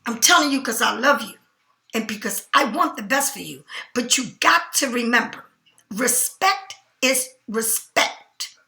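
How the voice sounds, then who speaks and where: A woman's voice: a little high, animated, measured pace, vocal fry, bright, forceful tone, echoey room. A middle-aged woman tarot reader speaking bluntly and emphatically to her viewers in a spontaneous monologue.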